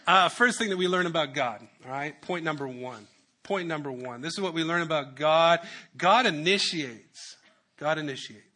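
A man's voice: on the high side, a little fast, pushed and bright. A male pastor preaching a sermon, joking with asides and repeating his key phrases.

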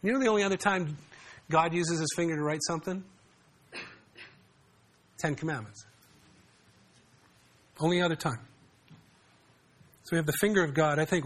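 A man preaching a sermon in a conversational way, often asking his congregation questions. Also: fairly high pitch. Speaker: pastor.

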